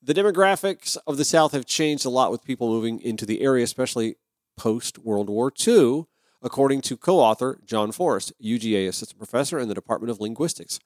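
A man's voice: mid-range voice, animated, fairly quick, dry recording, studio quality. A man from Georgia hosting a podcast, reading an article aloud and breaking off into conversational, self-deprecating asides. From Georgia, USA. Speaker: podcast host.

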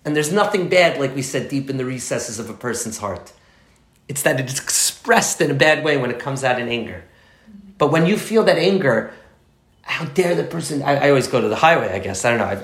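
A man's voice: medium pitch, fairly bright tone, echoey room. A man leading a study class in a chatty, rambling lecture full of asides. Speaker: teacher leading a parenting study circle.

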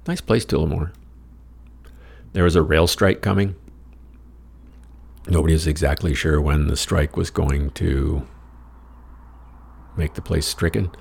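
A man's voice: a bass voice, steady tone, measured pace, gravelly, pauses often, husky. An American man telling a rambling travel story in a wry, profane, self-mocking way. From United States. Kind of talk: casual personal storytelling.

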